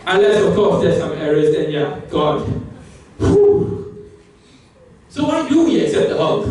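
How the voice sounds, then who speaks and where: A young man giving a humorous, emphatic competition speech, at times climbing into excited outbursts. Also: on the high side, unhurried, long pauses. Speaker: public speaking contestant. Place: competition hall. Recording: echoey hall from far off.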